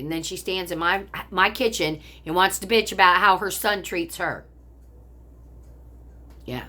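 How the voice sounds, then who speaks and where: Her voice is lowish, pushed and bright, at a measured pace. An older American woman vlogging from home, a pond in view, she angrily vents at her phone camera about her family, cursing and bitter throughout.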